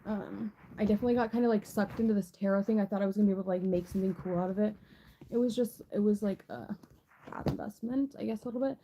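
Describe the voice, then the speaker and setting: A woman's voice: mid-range voice, quick pace, mellow, slight background noise, rough recording. A young woman giving a casual tarot reading to camera, rambling with lots of "like" and restarts. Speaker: tarot reader.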